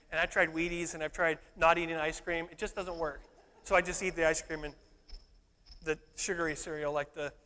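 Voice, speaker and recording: A man's voice: high-pitched, a bit bright. A male pastor preaching a sermon in a church, playful and joking one moment, fervent the next. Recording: echoey hall reverb.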